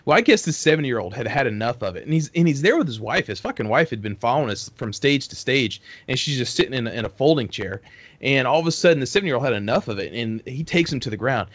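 A man with a medium-pitched, fairly bright, expressive voice talks fast as he tells a long story in a casual podcast chat. He rambles, swears heavily, and acts out what people said, all on a dull, dry close-mic recording.

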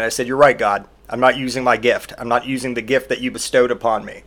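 A man's voice: medium pitch, fairly even intonation, fast talker, fairly bright tone. A man hosting a podcast, delivering a profane solo comedic rant full of exaggerated mock outrage. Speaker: podcast host.

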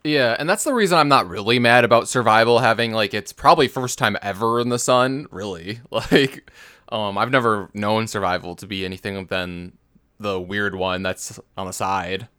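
Relaxed male co-host, low smooth voice, dry sound. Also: normal speed, no room sound. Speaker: podcast co-host. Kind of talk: casual gaming chat.

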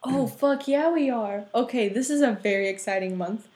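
A woman's voice: a little high, normal speed, a little mellow. Giggly woman podcast co-host. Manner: laughs often, swears casually, enthusiastic. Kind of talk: casual chat.

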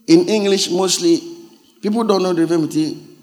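A man, a pastor, preaching a sermon, explaining points like a teacher and asking again and again if he is understood, then rising into loud, emphatic preaching. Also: high-pitched, fairly quick. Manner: teacherly, checks understanding with repeated questions.

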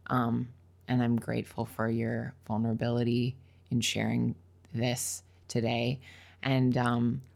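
Gravelly low-voiced woman host. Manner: warm, affirming, slow and measured. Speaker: podcast host. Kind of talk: intimate podcast conversation. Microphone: large studio microphone.

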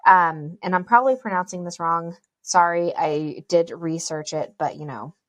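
A woman podcast co-host tells a spooky story in casual chat, reading out an old news article along the way. Her voice sits on the low side at normal speed with no room sound, and she's chatty, full of jokey asides and frequent ums.

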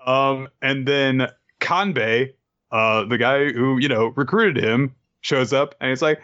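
A man hosting a casual comedic recap, animated and joking with lots of fillers. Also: medium pitch, unhurried. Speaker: podcast host. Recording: dull lo-fi recording.

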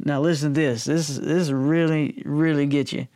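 A man's voice: a little high, steady tone, moderate pace, few pauses, darkish tone, no room sound, clean studio sound. Joking, conversational male preacher. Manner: conversational, joking, checks in with "all right?". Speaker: pastor. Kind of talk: sermon.

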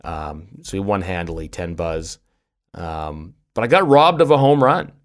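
A middle-aged man co-hosting a podcast, telling stories in an animated way with lots of restarts and laughs. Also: low voice, unhurried. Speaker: podcast co-host. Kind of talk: casual chat.

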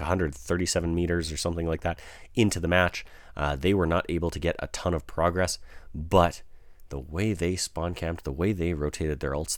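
A man's voice: a bass voice, dry recording, studio quality. A man talking through his esports match predictions in a casual, conversational way, thinking aloud and changing his picks as he goes. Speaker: esports commentator.

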